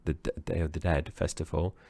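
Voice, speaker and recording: A man's voice: extremely low pitch, level tone, a little fast, vocal fry, dark tone, no room sound. A man co-hosting a podcast, chatting about a film in a rambling, hesitant way. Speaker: podcast co-host. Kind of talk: casual film-review chat.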